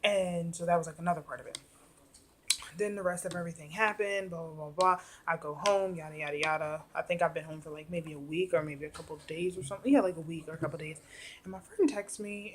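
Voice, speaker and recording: Woman vlogging a story at her camera, low-ish voice, rambly, lots of "like"s. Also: slight background noise. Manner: chatty, rambling, full of fillers. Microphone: device camera.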